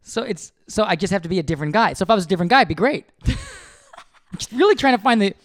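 On a close mic with no echo, a man chatting casually with his wife on their podcast jokes, swears freely and gets defensive. He sounds high-pitched and animated, racing through his words.

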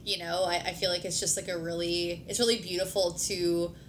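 Lower-voiced woman, "like"-heavy casual talk. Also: little pitch movement, a little fast. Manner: fills speech with "like", swears casually. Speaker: podcast host. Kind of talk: casual conversation with her partner. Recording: noisy recording with low rumble.

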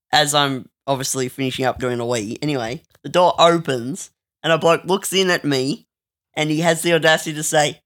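A man's voice: fairly high pitch, a bit bright. Young man, joking and indignant. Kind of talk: casual storytelling chat.

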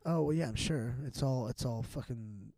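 A man's voice: medium pitch, normal speed, dark tone, no room sound. A middle-aged man talking as a podcast guest in a candid, casual chat, rambling and profane, with many restarts and fillers.

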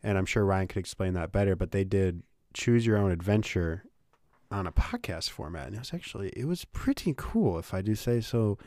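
Brief: young male podcast host, playful and teasing, slightly low voice, dry close sound from a blanket-muffled home setup. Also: very animated, fairly quick, darkish tone, no room sound. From Ohio, United States. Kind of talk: casual podcast chat.

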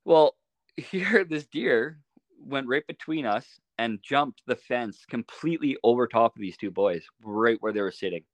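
A middle-aged man telling stories in a relaxed, casual way as a podcast guest, often laughing as he talks. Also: medium pitch, unhurried, no echo. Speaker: podcast guest, archery shop owner. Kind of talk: casual storytelling.

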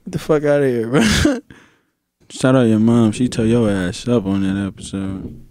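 A man's voice: medium pitch, animated, moderate pace, a little mellow, no echo. A man co-hosting a podcast in casual chat, talking bluntly and emphatically in heavy slang. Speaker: podcast co-host.

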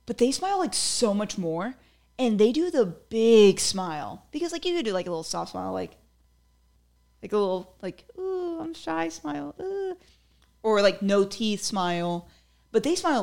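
A woman's voice: medium pitch, darkish tone. A young woman hosting her own podcast, talking casually on her own, full of "like" fillers and giggly asides. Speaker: podcast host. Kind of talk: casual solo podcast chat.

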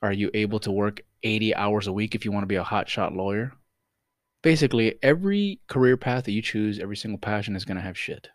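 A young man co-hosting a podcast, chatting casually, swearing a lot, and putting on quick voices when he tells a story. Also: fairly low pitch, no room sound, clean studio sound. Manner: animated, swearing, puts on voices for the cat. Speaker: podcast co-host. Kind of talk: casual chat.

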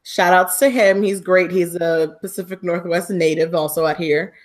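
A woman co-hosting a podcast live, chatting in an upbeat, excitable way and laughing easily. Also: lowish voice, moderate pace. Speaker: podcast co-host. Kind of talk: casual live-stream chat.

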